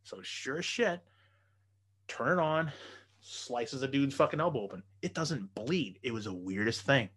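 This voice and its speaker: A man telling stories in a casual chat, profane and animated, often acting out the people in his stories. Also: mid-range voice, measured pace, husky.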